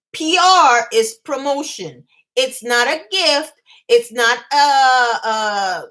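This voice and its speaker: A woman's voice: sits high, a bit bright. A woman hosting a casual live stream from her bedroom, ranting bluntly with swearing and greeting viewers between points. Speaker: commentary channel host.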